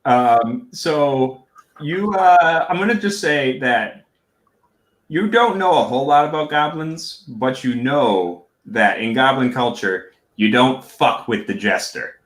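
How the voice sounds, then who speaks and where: A man narrating a tabletop game as game master, in a halting, casual way, with lots of restarts. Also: medium pitch, lively intonation, roomy sound. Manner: halting, full of fillers and restarts.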